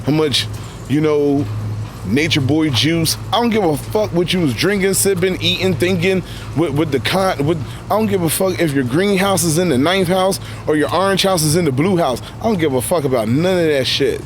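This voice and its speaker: A man's voice: fairly high pitch, normal speed, slight background noise. A man giving blunt, heavily profane, unscripted reaction commentary while live streaming about a video clip.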